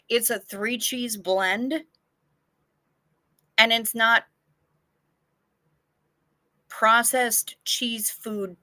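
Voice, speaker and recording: A woman chats on her livestream at an unhurried pace, answering viewers by name in a frank, loose way with easy swearing. Her voice is bright and forward, recorded close and dry with no room sound. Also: medium pitch, dry recording. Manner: chatty and frank, with casual swearing. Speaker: livestream host. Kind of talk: casual livestream chat, reading viewer comments aloud.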